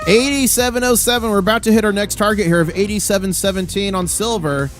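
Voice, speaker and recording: A man with a fairly high voice runs a live market stream, rattling off prices in a hyped, auctioneer-like rush. Soft music plays faintly underneath him. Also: fast talker. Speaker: livestream host.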